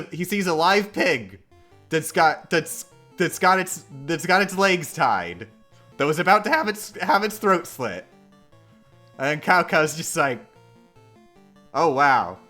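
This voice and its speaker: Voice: medium pitch, pushed and bright. A streamer telling a silly story in a meandering way, with lots of restarts and laughing along. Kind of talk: rambling comic storytelling.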